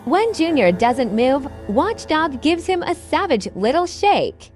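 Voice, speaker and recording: A woman narrates a scripted horror story in a slow, measured way. Her voice is high and lively in pitch, and faint music plays behind her. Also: dry recording.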